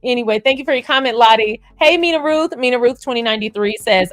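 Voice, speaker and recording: A woman's voice: fairly high pitch, fast talker, hardly any pauses, no echo, soft background music. A woman hosting a livestream, blunt and sarcastic, reading viewer comments and laughing often. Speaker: livestream host.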